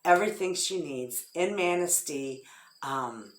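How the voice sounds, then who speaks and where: A middle-aged woman with a Midwestern American accent, chatting casually to her vlog audience and retelling conversations in lively quoted voices. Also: deep voice, a little slow. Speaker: homestead vlogger. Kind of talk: casual chat to camera. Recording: echoey room.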